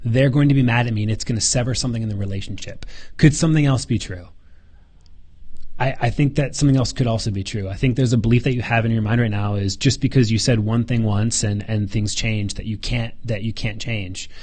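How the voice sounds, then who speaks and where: A man's voice: mid-range voice, fairly even intonation, fairly quick, darkish tone. A man hosting a live Q&A and answering viewer questions in a casual, earnest way. He gets fired up, stumbles over repeated words and drops casual swearing and slang.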